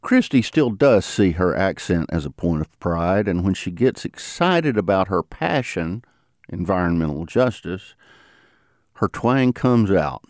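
A man hosting a podcast, narrating in a lively, conversational storytelling manner. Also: sits low, a little slow, dry recording, studio quality. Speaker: podcast host. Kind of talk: scripted narration.

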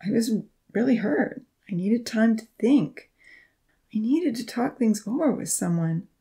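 A woman's voice: fairly high pitch, lively intonation, unhurried, gravelly, dark tone, voice pushed up. A woman reading the lines of an earnest young female nurse in a storybook, speaking with heartfelt sincerity. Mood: apologetic.

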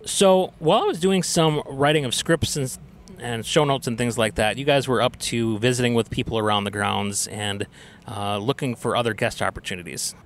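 A man's voice: mid-range voice, moderate pace, slight background noise. A man hosting a podcast, giving a casual, upbeat recap with plenty of ums and uhs. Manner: chatty, upbeat, explains things with fillers. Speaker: podcast host.

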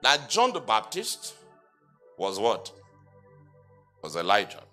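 A man preaching a sermon in a church, reading scripture aloud slowly and firing rhetorical questions at the congregation, then answering them himself. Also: huge pitch swings, soft background music. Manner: reads scripture aloud in old-fashioned language, slow and emphatic; rises to loud, high-pitched exhortation. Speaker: apostle preaching.

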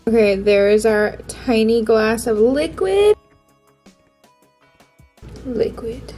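A chatty young woman narrates her crafting project in a fairly high voice, talking half to herself and often dropping into soft asides. Faint music plays underneath her voice. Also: animated, takes it slowly, long pauses. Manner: chatty, talks to herself while working, drops to soft asides. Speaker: crafting vlogger. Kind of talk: casual crafting vlog narration.

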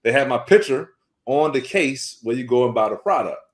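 Speaking at a normal speed in a mid-range voice, a man who owns a food business shares a sincere story of faith on a podcast. He keeps circling back to casual words, animatedly filling his telling with "man" and "bruh."

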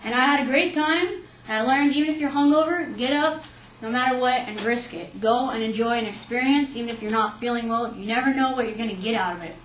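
Young woman telling a story, kinda high voice, echoey room w/ faint background hum. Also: fairly quick, recorded from a distance. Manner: lively, animated retelling with quoted asides. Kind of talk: personal storytelling.

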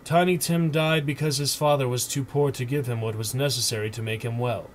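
A man's voice: mid-range voice, fairly even intonation, brisk, a little hiss or hum, lightly acted, low-quality recording. A man reading a stern accusing spirit.

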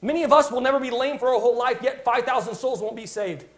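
A man's voice: very high-pitched, fast. A male preacher telling a Bible story in a sermon with passionate, dramatic storytelling. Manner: impassioned storytelling, dramatic retelling.

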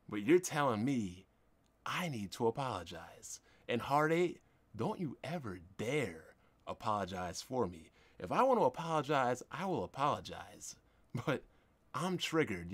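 A man hosting a podcast, delivering a confrontational, indignant monologue with emphatic swings in loudness. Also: mid-range voice. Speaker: podcast host. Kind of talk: ranting monologue.

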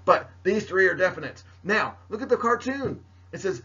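A man's voice: high-pitched, big pitch swings, moderate pace, fairly bright tone, husky. A man teaching a recorded history lesson to students, playful and jokey, talking straight to them. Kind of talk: recorded mini lecture. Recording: dull lo-fi recording.

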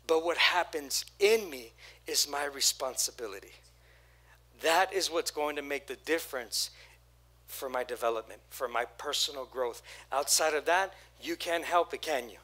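A middle-aged man preaching a sermon as pastor, animated, acting out what churchgoers say. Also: on the high side, moderate pace. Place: church sanctuary.

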